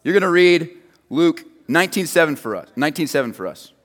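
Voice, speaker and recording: A man preaching a sermon, chatting and joking easily with the people in front of him. His voice sits a little high for a man. The sound carries the long reverb of a large hall. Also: expressive, fairly quick. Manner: casual, joking and conversational with the audience.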